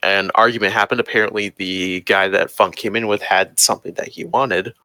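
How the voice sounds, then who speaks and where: A man's voice: on the low side, steady tone, brisk, pushed and bright, no echo, rough recording. A young man running a tabletop game, telling the story casually with lots of fillers. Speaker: game master.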